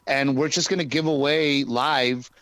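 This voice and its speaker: A male stand-up comedian from Texas, chatting casually and joking in an interview, with quick restarts. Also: mid-range voice, steady tone, a bit bright, no echo.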